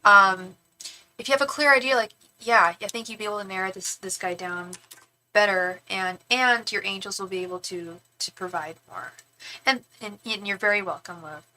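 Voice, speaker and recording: A young woman reading tarot on a livestream, chatting casually with viewers, thanking donors and softly repeating questions to her spirit guides. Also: medium pitch, moderate pace.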